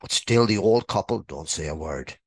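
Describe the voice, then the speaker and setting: A man with a low voice co-hosts a comedy podcast, telling a joke at normal speed with plenty of laughter. He's an animated storyteller who laughs often, recorded dry.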